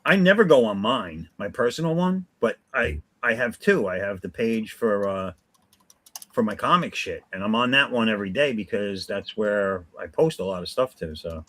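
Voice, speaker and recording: A man hosting a relaxed live drawing stream, joking and rambling in casual chat with a friend. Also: on the low side, moderate pace. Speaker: comic artist streamer.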